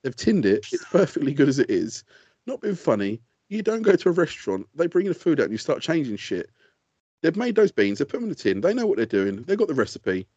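A man's voice: on the high side, sing-song, brisk, mellow, slightly rough, no echo. A man co-hosting a casual comedy podcast, ranting and swearing with frequent giggles. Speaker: co-host. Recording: dull lo-fi, dry sound.

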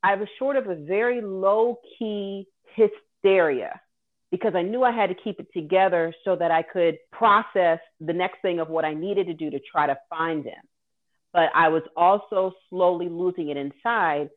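A woman's voice: fairly low pitch, normal speed. A woman telling an earnest, vivid personal story as a guest host. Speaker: guest host sharing her caregiving story. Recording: tinny phone-like audio.

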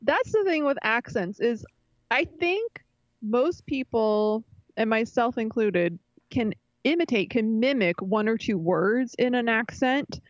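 A woman's voice: a little high, expressive, slow, dry recording. Chatty woman co-host, dry, muffled mic. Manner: chatty, opinionated, laughs often. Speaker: podcast co-host. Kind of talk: casual chat.

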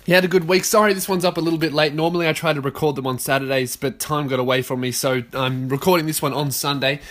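A man's voice: fairly high pitch, fairly even intonation, fast. Profane young Australian man ranting. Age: 20s. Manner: profane, ranting, loud outbursts. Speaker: podcast host. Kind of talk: casual solo podcast rant. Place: his own bedroom.

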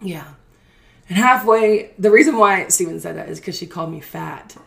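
A young woman co-hosting a podcast, telling a story in a casual, animated and profane way while acting out what people said. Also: lowish voice, moderate pace, vocal fry. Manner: animated, profane, acts out quotes. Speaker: podcast co-host.

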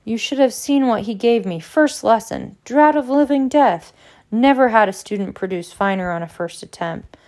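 Hearty loud tipsy old professor guy, a lady reading doing him, raised a bit higher. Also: lively intonation, normal speed, natural voice. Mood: jovial. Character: jolly tipsy old male professor, booming.

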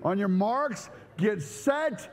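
High-voiced man preaching, joking. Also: takes it slowly. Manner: joking, energetic, banters with the audience. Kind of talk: humorous sermon to a live congregation. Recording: long hall reverb.

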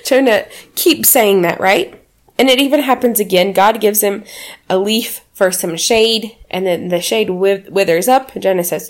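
Woman, sermon, lively preaching, laughs often, acts out quotes. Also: mid-range voice, a little slow. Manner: animated, laughing, acting out quotes.

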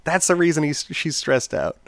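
A man voicing an angry older father who scolds his kids gruffly. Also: fairly high pitch, moderate pace, dry recording, clean studio sound, pitched above the performer's own voice. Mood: angry scolding.

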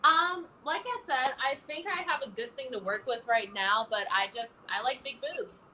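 A woman with a high-pitched voice speaks at a moderate pace with a sharp tone, appearing as an interview guest who once held a pageant title. She tells her story animatedly in a casual interview chat, laughing often. The recording is low quality, with slight background noise.

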